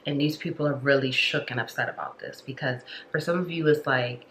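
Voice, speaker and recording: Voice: mid-range voice, steady tone, a little fast, a bit bright, roomy sound, slight background noise. A tarot reader giving a casual spiritual reading, chatty and full of filler words, talking straight to the viewer.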